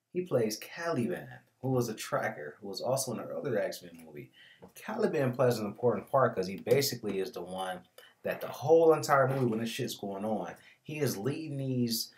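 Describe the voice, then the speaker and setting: A man hosting a casual movie review vlog, talking in a slangy, rambling way with joking asides. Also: sits low. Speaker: movie reviewer, show host.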